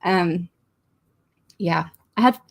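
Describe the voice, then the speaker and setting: A woman with a slightly low voice hosts a relaxed writing livestream from home. She chats casually, reads out viewer comments and rambles, restarting often with small laughs. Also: very slow, creaky. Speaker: livestream host of writing sprints. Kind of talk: casual livestream chat, reading comments aloud.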